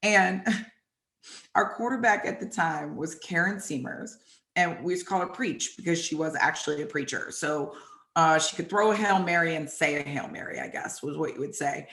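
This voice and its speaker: A woman hosting and telling animated stories about her football days, acting out the lines people said. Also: sits low, normal speed. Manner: animated, acts out quotes from the story. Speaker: host and former football player. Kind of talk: storytelling chat. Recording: echoey room.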